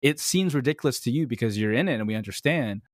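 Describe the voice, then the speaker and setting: A man's voice: mid-range voice, animated, fast, no room sound, clean studio sound. A man in a casual podcast discussion, talking eagerly and filling his speech with "like" and "man". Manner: enthusiastic, heavy use of "like" and "man". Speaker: podcast guest, ministry podcaster.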